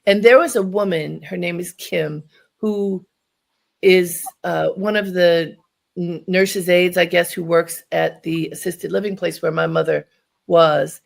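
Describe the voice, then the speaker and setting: A woman's voice: fairly low pitch, fairly even intonation, measured pace, creaky. A woman hosting a radio interview, telling a personal story in a reflective, heartfelt way. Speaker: host.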